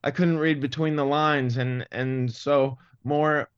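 A Massachusetts-born comedian in his fifties gives a thoughtful interview, his neutral, Midwestern-leaning American speech broken up by stammers and restarts. His medium-pitched voice is smooth, fairly even in intonation, and slow. The recording is dry and sounds dull.

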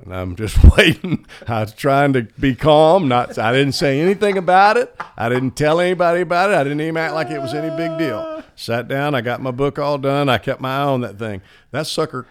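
A man's voice: a little high, animated, fairly quick, few pauses. Man, Southern accent, radio commentator, folksy storyteller, casual. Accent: Southern American. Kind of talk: casual chat.

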